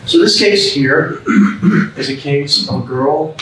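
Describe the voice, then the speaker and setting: A man's voice: a little high, lively intonation, takes it slowly, fairly bright tone, slight background noise. Man telling a story in an echoey room. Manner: folksy, plainspoken storyteller who acts out quoted dialogue. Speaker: guest speaker. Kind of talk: storytelling talk to a club audience. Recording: echoey room, speaker far from mic.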